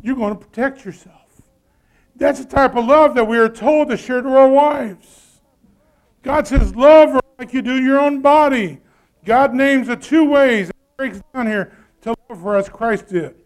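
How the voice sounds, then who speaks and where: A man's voice: very high-pitched, unhurried. A man preaching a sermon in a conversational way, often putting questions to the congregation. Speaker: pastor.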